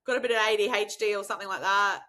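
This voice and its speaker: A woman's voice: mid-range voice, rapid-fire, sharp tone. A woman hosting a podcast, chatting casually, swearing freely and laughing often. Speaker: podcast host. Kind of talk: casual chat.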